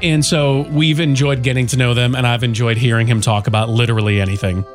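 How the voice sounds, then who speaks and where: A man hosting a radio morning show, casually telling an animated story about his neighbor. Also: mid-range voice, quick pace, soft background music.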